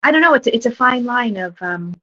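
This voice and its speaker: A woman with a husky, slightly breathy voice tells lively comedy stories on a podcast. She jumps into quick quoted voices as she talks. The sound is dull and lo-fi. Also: fairly high pitch. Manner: animated storytelling, jumping into quoted voices. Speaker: guest, improv comedian and theatre teacher. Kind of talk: casual podcast chat.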